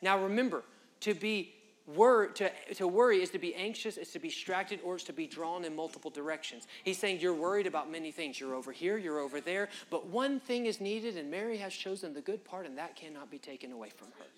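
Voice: medium pitch, expressive, fairly quick. A preacher giving an impassioned, conversational sermon at a church service, talking straight to the congregation in folksy, direct phrasing.

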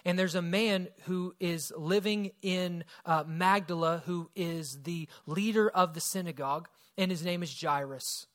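A man preaching a sermon, retelling a story with emphatic swings between loud and hushed delivery. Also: sits high, fairly even intonation, unhurried, few pauses. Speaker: pastor.

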